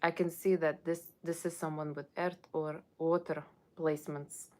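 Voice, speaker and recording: For a Halloween tarot reading, a woman plays a brash, sassy fortune-teller with a put-on Russian accent, giving blunt readings and teasing asides to viewers. Her low-pitched voice is level and moderately paced, close to how she'd normally talk.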